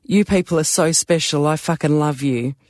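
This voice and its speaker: A man's voice: on the high side, moderate pace, no echo, studio quality, close to an everyday voice. Man voicing a tearful drunk woman. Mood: drunk, raw. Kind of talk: audiobook character voice.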